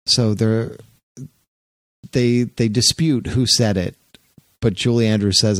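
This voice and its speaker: A man hosting a podcast, chatting casually and retelling an anecdote with lively jumps into quoted voices. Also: takes it slowly, pauses often, no echo. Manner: animated storyteller, jumps up in pitch for quoted voices. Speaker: podcast host.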